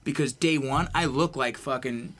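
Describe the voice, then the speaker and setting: A man's voice: mid-range voice, moderate pace. A man in casual podcast conversation, telling stories intensely and swearing freely. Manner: intense, profane, animated storytelling. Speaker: guest, veteran turned actor. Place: Los Angeles.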